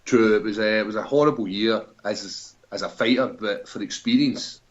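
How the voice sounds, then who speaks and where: A man's voice: on the low side, normal speed. Scottish male fighter as guest, jokey rambling banter, muffled lo-fi audio. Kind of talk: casual podcast interview. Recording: dull lo-fi sound.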